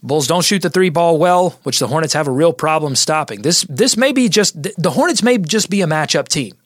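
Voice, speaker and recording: A man hosting a basketball podcast, talking through game strategy and signing off with plugs for the show, energetic with quick asides. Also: fairly high pitch, no room sound, clean studio sound. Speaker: podcast host. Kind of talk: sports podcast analysis.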